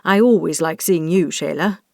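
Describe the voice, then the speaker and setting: A woman voicing a courteous middle-aged businessman with a crisp British accent. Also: sits low, moderate pace, darkish tone, dry recording, clean studio sound, voice pushed down. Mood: cordial.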